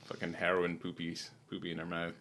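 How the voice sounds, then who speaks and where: A man's voice: low-pitched, monotone, a little fast, fairly bright tone. A man with a Scottish accent, co-hosting a casual film podcast, loose and sweary, acting out lines from scenes. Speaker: podcast co-host.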